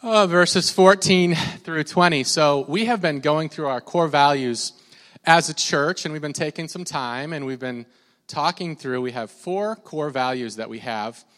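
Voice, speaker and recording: Man, preacher, somewhat high voice, sermon, long hall reverb. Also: a little slow. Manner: energetic, leads call-and-response. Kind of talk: church sermon with scripture reading. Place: church sanctuary.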